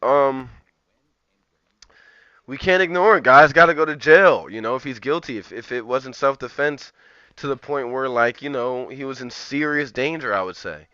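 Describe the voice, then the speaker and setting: A man's voice: medium pitch, moderate pace, bright, forceful tone, clean tone, dry recording, muffled recording. A man streaming live, ranting profanely and rambling in a heated, casual way. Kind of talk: live-stream commentary rant.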